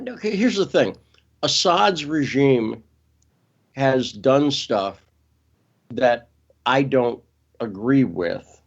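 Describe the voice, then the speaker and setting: Emphatic man talking fast on a dull line. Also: medium pitch. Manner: emphatic, quick, often restarts and corrects himself. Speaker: interview guest. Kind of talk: casual interview talk.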